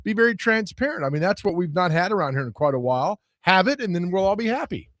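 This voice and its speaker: Animated high-voiced male radio co-host. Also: quick pace, dry recording, studio quality. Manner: animated, jokey, breaks into mock voices. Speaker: radio sports talk co-host. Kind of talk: casual sports radio banter. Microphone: studio microphone.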